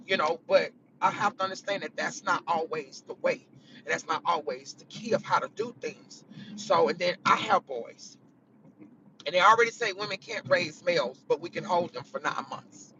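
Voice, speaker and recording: A woman's voice: fairly low pitch, pushed and bright, slight background noise. A woman content creator chatting candidly and profanely in a casual vlog from a car, laughing often. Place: in a car on the way to work. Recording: dull lo-fi sound.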